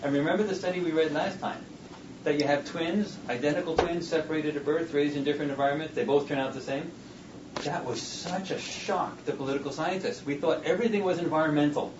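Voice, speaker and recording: A man's voice: on the high side, fairly even intonation, brisk, echoey room, background noise. A man lecturing a class in a conversational way, often asking rhetorical questions. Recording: dull distant classroom recording.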